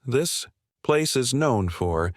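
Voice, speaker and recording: A man's voice: mid-range voice, expressive, slow, no room sound, clean studio sound. A man voicing an uneasy male dinner guest who speaks hesitantly.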